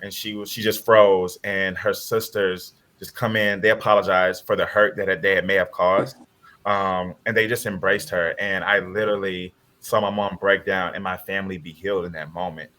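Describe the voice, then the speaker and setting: A man's voice: low-pitched, fairly even intonation, moderate pace, sharp tone. A man on a panel telling a personal story in an earnest, heartfelt way over a video call. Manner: earnest, heartfelt retelling with quoted dialogue.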